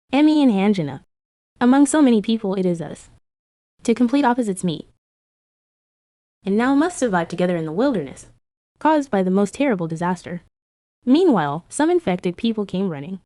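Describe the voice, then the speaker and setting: Female narrator, manhwa recap voice-over, mid-pitched, dry close mic, reads all the parts herself. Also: mellow, no room sound.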